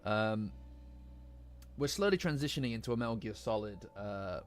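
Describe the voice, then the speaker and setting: Low-voiced man chatting on a stream. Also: lively intonation, moderate pace. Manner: rambling, joking with chat, swears casually. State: lingering cough. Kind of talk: casual live-stream chat. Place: cold room at home. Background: faint lo-fi music.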